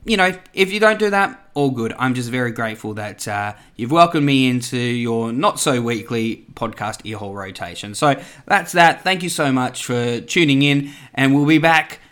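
A man's voice: mid-range voice, animated, moderate pace, few pauses, fairly bright tone, clear, resonant tone. A man chatting casually as a podcast host, rambling through asides with lots of ums and restarts. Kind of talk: casual solo podcast talk.

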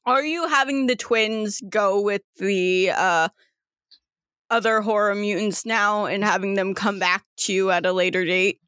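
A woman's voice: medium pitch, a little slow, a bit bright, dry recording, clean studio sound. A young woman acting as game master, explaining the scene with frequent ums and restarts. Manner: hesitant, filler-heavy explaining. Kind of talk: narrating a tabletop game.

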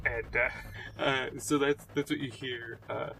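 A man's voice: mid-range voice, fairly even intonation, vocal fry, fairly bright tone, distant mic, soft background music. A man running a tabletop game as game master, laughing often and restarting sentences. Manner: laughing often, restarts mid-sentence, puts on quick character voices.

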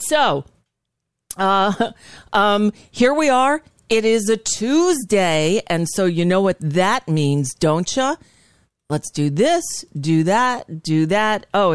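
A woman's voice: on the low side, clean tone, no room sound, studio quality. A woman hosting a talk radio show, chatting casually and rambling with many fillers and restarts. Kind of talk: casual chat.

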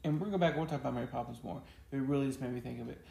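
A man with a gravelly, dark voice co-hosts a relaxed chat, full of jokes and teasing asides. The room is echoey, with a faint hiss behind him. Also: medium pitch, racing. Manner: joking, teasing, Southern "y'all". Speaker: podcast co-host. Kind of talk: casual chat.

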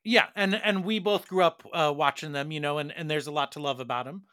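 A man's voice: on the high side, fairly quick, sharp tone, no echo, studio quality. A man co-hosting a casual podcast, explaining film ideas in a hesitant way with many fillers. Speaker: podcast co-host, film scholar.

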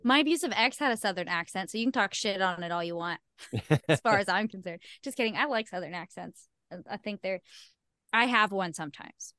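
A young woman chats candidly as a podcast guest, mocking herself, cursing freely and laughing easily. Her voice sits at an ordinary pitch for a woman. The recording is close and dry, with no room sound. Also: animated, a little fast, bright, forceful tone, no room sound. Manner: frank and self-mocking, swears freely, laughs often. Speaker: podcast guest, singer-songwriter. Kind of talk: candid casual chat.

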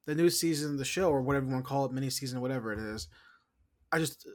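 A man's voice: medium pitch, rapid-fire. A man co-hosting a podcast in casual chat, emphatic and profane, rambling through his points. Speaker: podcast co-host.

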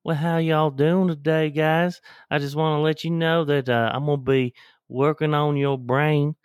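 A folksy, drawling Southern surgeon, as a man puts him on. His voice is pitched up and a little louder than his usual talk, easy and reassuring. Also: level tone, moderate pace, smooth, no room sound, clean studio sound, lightly acted. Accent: Southern US, put on.

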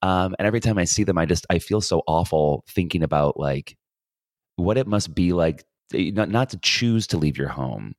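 A man with a very low voice co-hosts a podcast in loose, rambling chat, full of fillers and restarts. The sound is close and dry, with no room around it. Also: animated, moderate pace, dry recording. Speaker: podcast co-host. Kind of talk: casual chat. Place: lives in Ireland.

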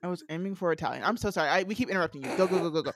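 A young woman co-hosting a podcast, cutting in with teasing jokes and quick apologies. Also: fairly low pitch, no room sound, clean studio sound. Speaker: podcast co-host. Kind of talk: casual chat.

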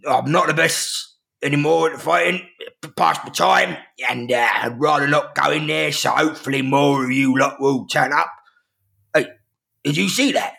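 A man's voice: fairly high pitch, normal speed, gravelly, bright, forceful tone, heavily acted. A man voicing an older male ex-fighter past his prime, blunt and short in his replies. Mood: gruff.

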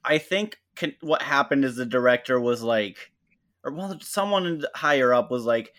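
Bright-sounding guy telling jokey stories on a podcast. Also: medium pitch, lively intonation, moderate pace. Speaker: podcast co-host. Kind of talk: casual chat.

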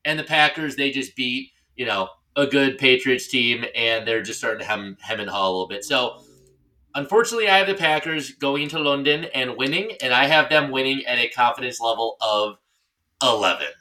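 Bright-voiced man ranting playfully. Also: mid-range voice, lively intonation, brisk. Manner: joking, ranting. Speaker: podcast co-host. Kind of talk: casual chat.

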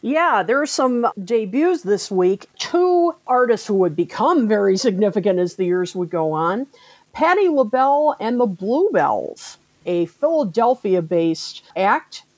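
A woman's voice: mid-range voice, very animated, measured pace, darkish tone, no echo. A woman co-hosting a podcast, chatting informatively about sixties music history. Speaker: podcast co-host. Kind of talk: casual music history chat.

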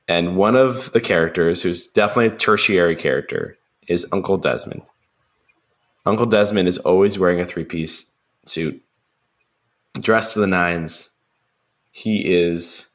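A man's voice: low voice, a little slow, long pauses. A young man co-hosting a podcast, chatting casually about a film with many ums and restarts, acting out lines. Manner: rambling, lots of ums, acts out film lines in a raised voice. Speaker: podcast co-host.

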